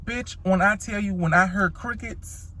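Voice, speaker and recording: A woman's voice: mid-range voice, a little slow, a bit bright. A woman telling a dramatic story to the camera in a casual vlog, sassy and profane, calling her listeners honey and child. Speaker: storytime vlogger.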